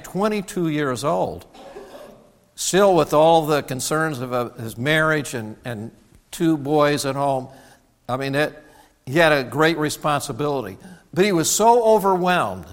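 Middle-aged guy preaching, earnest and personal, mid-pitched voice, long hall echo. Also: fairly bright tone. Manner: earnest, personal, with frequent restarts. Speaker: pastor. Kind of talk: sermon.

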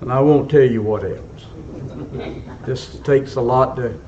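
An older man preaching a sermon, a little hoarse and froggy this morning, reading scripture slowly with rising emphasis. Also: medium pitch, warm tone, lo-fi sound, slight background noise. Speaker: pastor.

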